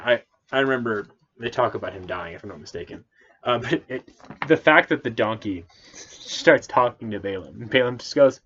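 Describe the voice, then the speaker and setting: A man's voice: lowish voice, brisk, fairly bright tone, slightly rough, highs cut off. A man reading a Bible passage aloud and commenting on it in an amused, rambling way with self-corrections.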